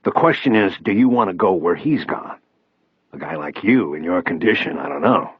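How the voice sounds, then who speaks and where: A man voicing a menacing male federal agent who taunts and threatens in a deep, husky voice. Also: animated, moderate pace, no room sound, highs cut off.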